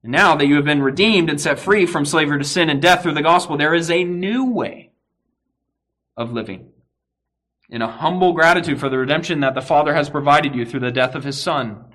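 A man preaching a sermon to his congregation, earnest, swelling at key points and dropping to a quiet, low emphasis. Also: a little fast. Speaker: pastor.

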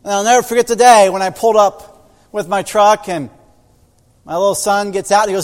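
Speaking at a moderate pace in a voice that sits high, a middle-aged pastor delivers a sermon full of stories, voicing the characters himself. Long hall reverb surrounds the recording.

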